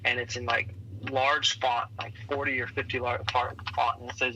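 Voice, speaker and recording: A man being interviewed on a podcast as a leadership coach, telling lively stories and acting out the voices of the people in them. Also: mid-range voice, normal speed, slight background noise, low-quality recording. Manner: energetic storyteller who acts out quoted voices. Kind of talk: conversational interview.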